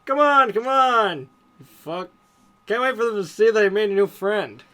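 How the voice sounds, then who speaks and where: Man putting on a smooth radio-style schoolboy wizard, eager, bright, slow. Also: on the high side, sing-song. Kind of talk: comedic fanfiction reading.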